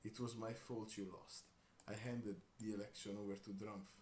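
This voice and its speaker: Groveling timid servant, low and quiet, read by a man, roomy room. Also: flat delivery, moderate pace, natural voice. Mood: meek. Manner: meek, apologetic, subdued. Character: meek humiliated older man servant. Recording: roomy room with faint hiss.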